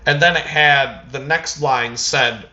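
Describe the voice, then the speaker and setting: Profane, animated ranting man. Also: mid-range voice, takes it slowly, highs cut off. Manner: profane, animated storytelling with acted-out quotes. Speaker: vlogger. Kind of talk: casual ranting vlog.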